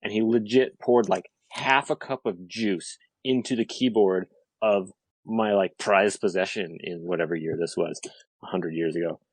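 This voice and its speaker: A man's voice: sits low, normal speed, no room sound, low-quality recording. A man in his thirties in casual podcast chat, telling a story animatedly with lots of fillers. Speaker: podcast guest.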